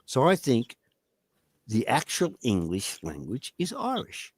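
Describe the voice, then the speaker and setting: Blunt, animated Australian man. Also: mid-range voice, a little slow, breathy edge, no echo. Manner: blunt and emphatic, heavy swearing, repeats his point. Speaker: panelist on a live stream. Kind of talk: casual chat.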